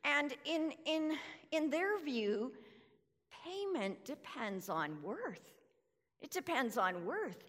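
A woman preacher giving a sermon, deliberate and full of rhetorical questions. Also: sits high, sing-song, fairly bright tone. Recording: reverberant hall.

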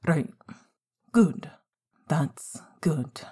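A woman voicing a young man who is struggling against a wolfish pull, in a low, rumbling murmur. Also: lively intonation, drawn-out words, dark tone, breathy edge, full character voice. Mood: brooding. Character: young man fighting his inner wolf.

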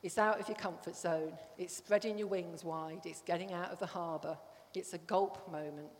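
A woman's voice: on the low side, fairly even intonation, normal speed. A woman giving a conversational sermon to a congregation, often checking that they follow. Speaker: church speaker. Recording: long hall reverb.

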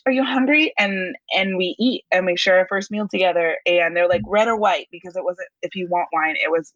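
A young woman telling a story as a podcast guest, acting out her own quoted reactions in a lively, casual way. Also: on the low side, no room sound, lo-fi sound.

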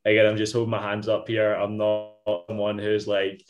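A man's voice: on the low side, monotone, moderate pace, music in the background. A young Scottish man from Ayrshire, a fitness coach chatting upbeat and casual as a podcast guest. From Ayrshire, Scotland. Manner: chatty, upbeat, lots of mate and wee.

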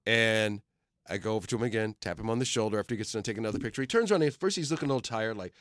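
A middle-aged man from Detroit who hosts a film show, telling animated stories in casual chat and acting out the people he quotes. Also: on the low side, racing, no room sound, clean studio sound. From Detroit, USA. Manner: animated storyteller who acts out quoted voices.

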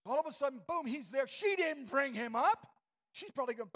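A male preacher giving a fervent sermon in a church, swinging from shouts to near whispers. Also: very high-pitched, expressive, normal speed.

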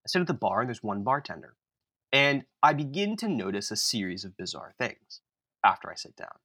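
A man co-hosting a podcast, telling a comic story in an animated, self-mocking way. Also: mid-range voice, a little fast. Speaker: podcast co-host.

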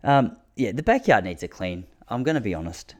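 A man's voice: on the low side, big pitch swings, fairly quick. A man telling rambling stories to his audience from his backyard, often restarting his sentences. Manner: rambling, self-interrupting, drops to a hushed mutter when the neighbour passes. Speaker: vlogger talking to his audience. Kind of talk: casual storytelling monologue.

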